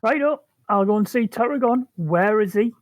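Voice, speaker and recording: A woman's voice: on the high side, expressive, moderate pace, no echo. A woman playing a tabletop game, talking bluntly and scolding in character. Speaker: player.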